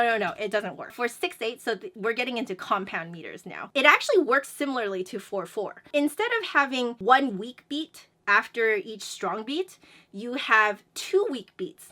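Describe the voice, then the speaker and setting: Bright, chatty woman music teacher. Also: a little high. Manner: explains then sings syllables to demonstrate beats; chatty and energetic. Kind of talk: instructional video lesson.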